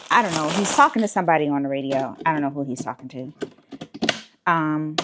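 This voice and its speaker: Casual woman vlogger, 30s, lowish voice, exasperated and animated storyteller. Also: noisy background. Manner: animated, exasperated retelling with profanity.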